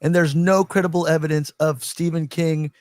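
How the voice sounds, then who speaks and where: A man's voice: a little high, fairly even intonation, normal speed, dry recording, clean studio sound. A man hosting a casual podcast chat, laughing often, rambling and swearing freely. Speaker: podcast host.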